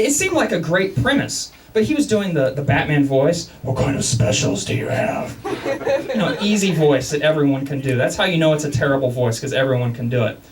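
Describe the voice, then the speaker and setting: A man from Texas doing a stand-up comedy set in a club, self-mocking and animated, often repeating words as he starts a sentence. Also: a little high, distant mic, slight background noise, rough recording. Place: comedy club basement, live audience.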